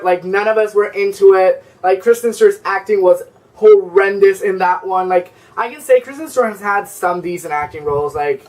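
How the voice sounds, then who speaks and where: A man's voice: sits high, recorded from a distance, rough recording. Young male vlogger, sassy and foul-mouthed, rambling story time, camera mic set back. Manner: sassy, profane, rambling with constant "like".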